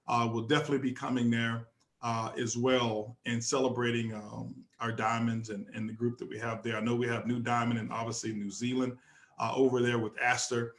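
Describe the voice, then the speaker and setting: A man's voice: medium pitch, level tone, a little fast, fairly bright tone, roomy sound. A man hosting a motivational company conference call, hyped and repetitive, with many fillers and restarts.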